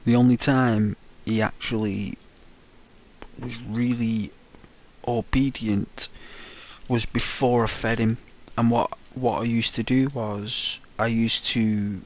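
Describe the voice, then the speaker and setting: A man giving casual, rambling commentary heavy with fillers. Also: lowish voice. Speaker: gaming commentator.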